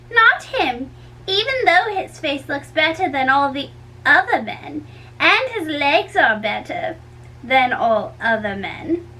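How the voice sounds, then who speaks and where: A woman's voice: sits high, sharp tone, heavily acted. A woman reading a play aloud, voicing a fussy, teasing old nurse who groans and draws out her complaints. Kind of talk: dramatic reading.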